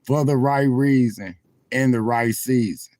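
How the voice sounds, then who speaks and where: Parked at a truck stop, a man talks casually to his livestream viewers from his phone, his delivery rising in preacher-like swells. The voice is mid-range, unhurried and slightly mellow, and the audio carries no echo.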